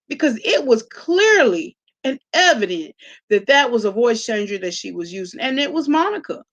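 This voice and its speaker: Woman, sassy live-stream host, blunt, slightly high voice. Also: very animated, moderate pace, fairly bright tone. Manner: sassy, blunt, talks straight to chat. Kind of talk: casual live-stream commentary.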